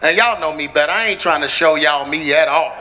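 A male preacher giving an emphatic sermon in a church, building from plain talk up to shouts. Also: fairly high pitch, a little fast, slight background noise, rough recording.

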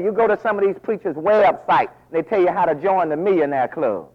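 A man preaching a folksy, animated sermon full of asides, recorded as a dull lo-fi radio broadcast. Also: sits high, brisk.

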